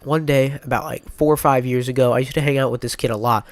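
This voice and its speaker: A man's voice: medium pitch, fairly even intonation, fast talker, no room sound. A young man with a stuffy nose telling a rambling, mock-dramatic storytime vlog, full of filler words. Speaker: YouTuber.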